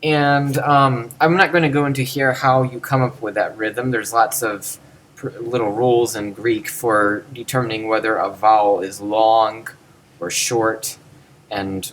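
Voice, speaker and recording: A man's voice: fairly low pitch, fairly even intonation, unhurried, fairly bright tone, rough recording. A man giving a screen-recorded lesson, patiently explaining step by step. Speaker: teacher explaining ancient Greek verse.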